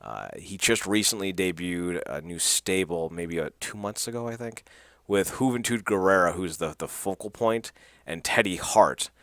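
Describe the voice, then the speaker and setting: Low-voiced guy rambling thru a wrestling recap, cussing and laughing, lots of uhs. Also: normal speed, fairly bright tone, no room sound, clean studio sound. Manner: loose and profane, laughing, lots of fillers. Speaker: podcast host.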